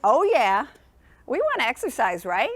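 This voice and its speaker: A woman's voice: on the high side, wildly swooping pitch, normal speed. Upbeat woman coaching a young class. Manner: encouraging, sing-song teacher talk with frequent check-ins. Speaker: sleep program presenter. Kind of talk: classroom presentation to young children. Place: school classroom.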